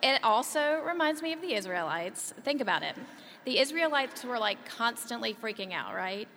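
A woman's voice: fairly high pitch, normal speed. A woman in her thirties, a mother and co-host, reading a scripted conversation in a chatty storytelling manner. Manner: chatty storytelling, lively asides. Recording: long hall reverb, faint ambience.

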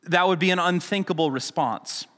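A man's voice: high-pitched, normal speed, fairly bright tone. Man preaching in an echoing hall. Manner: conversational teaching, with restarts and asides. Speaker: pastor. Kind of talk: sermon.

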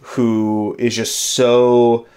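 A man co-hosting a casual chat, speaking haltingly with many fillers. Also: mid-range voice, level tone, a little mellow.

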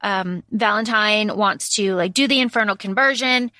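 A woman co-hosting a book podcast, recapping the plot in animated casual chat with many fillers. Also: mid-range voice, normal speed, no room sound. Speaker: podcast co-host.

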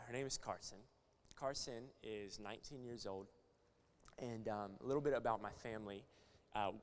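A young male pastor from Florida preaching at a conference, moving from quiet stories to loud, passionate preaching. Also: fairly low pitch. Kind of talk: conference sermon with storytelling. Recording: long hall reverb.

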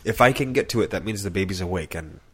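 A man co-hosting a podcast in casual chat, laid-back and quick to laugh, thinking aloud as he searches things up. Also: sits low, expressive, crowd noise. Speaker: podcast co-host.

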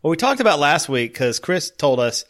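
A man co-hosting a podcast, chatting casually, laughing often and tossing in quick asides. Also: fairly high pitch, very animated, fairly bright tone. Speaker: podcast co-host. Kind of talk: casual chat.

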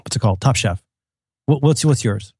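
A man's voice: medium pitch, lively intonation, moderate pace, warm tone, slightly rough, dry recording, clean studio sound. A man co-hosting a podcast in casual chat, playful and joking, often drifting into silly sung bits. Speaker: podcast co-host.

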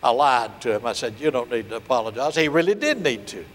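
An older man preaching a sermon, telling a story and acting out the voices, slowing down to stress key points. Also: medium pitch, sing-song, long reverb tail. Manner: storytelling preacher, acts out dialogue, slows for emphasis. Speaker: pastor.

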